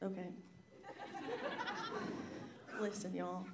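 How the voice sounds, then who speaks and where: A woman's voice: fairly low pitch, completely flat delivery, fairly quick, over a noisy crowd, heavy background noise. A heavily pregnant, congested woman giving a candid personal testimony in church, near tears and laughing through it. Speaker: pastor's wife and singer. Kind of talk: personal testimony before singing. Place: church sanctuary. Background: piano and guitar playing.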